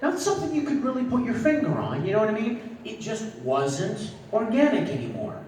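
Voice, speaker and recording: Animated man telling a story in an echoey hall. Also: sits high, fairly quick, slight background noise. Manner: animated, acts out voices. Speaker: voice actor guest on a convention panel. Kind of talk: storytelling anecdote to a live audience. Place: large convention hall. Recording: echoey hall, distant mic, faint ambience.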